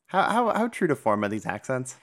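This podcast co-host has a very deep voice and a dry, wry way of talking. They toss off quips in loose, casual chat. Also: female voice, sing-song, a little fast.

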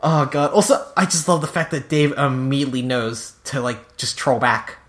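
A woman co-hosting a podcast in casual chat, chatty and quick to laugh, with many "like" fillers. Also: a bass voice. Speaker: podcast co-host.

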